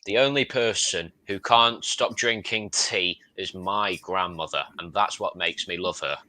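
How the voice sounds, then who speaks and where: A man's voice: deep voice, measured pace, pushed and bright. A young man hosting a casual voice call, talking in a bossy, teasing way. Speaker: host of a story call. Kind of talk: casual chat over a voice call.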